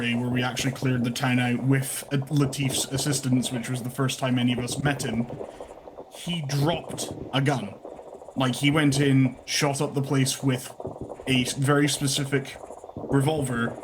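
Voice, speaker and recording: A man's voice: mid-range voice, little pitch movement, moderate pace. Rambling man recapping over noisy voice chat. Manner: rambling, self-correcting explanation. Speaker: game master. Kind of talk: out-of-character mission recap.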